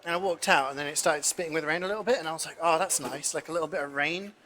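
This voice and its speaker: Young man, bright tense voice, casual rambling story, lots of ums, faint room hum. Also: fairly high pitch, racing. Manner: rambling, filler-heavy, swears casually. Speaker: cooking streamer. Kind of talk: casual storytelling while cooking.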